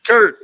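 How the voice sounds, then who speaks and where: A man runs a comedy game show in a slow, unhurried way, giggling as he calls on each player. His voice is bright and fairly high, and the recording is dry and close. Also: smooth, dry recording. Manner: laughing often, calling on players by name. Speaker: host.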